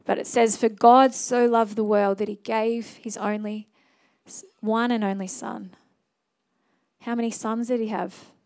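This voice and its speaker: A woman's voice: a little high, flat delivery, a little slow, creaky, darkish tone. Earnest woman preaching a church sermon. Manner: earnest, conversational, fillers and restarts. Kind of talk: sermon with altar call and prayer.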